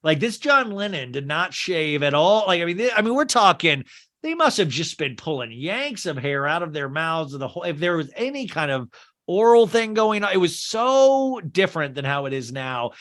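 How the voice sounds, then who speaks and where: Male podcast host, lively pitch, bright tone, playful recapper who slips into voices. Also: moderate pace. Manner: animated, does funny character voices. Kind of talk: casual movie recap with acted quotes.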